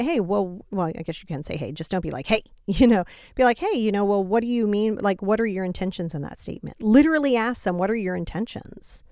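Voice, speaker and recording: A woman's voice: mid-range voice, dry recording, studio quality. A woman hosting a podcast, talking casually about handling anger and acting out little exchanges as she goes. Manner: animated, acts out quoted exchanges, frequent asides. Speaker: podcast host. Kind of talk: casual self-help talk.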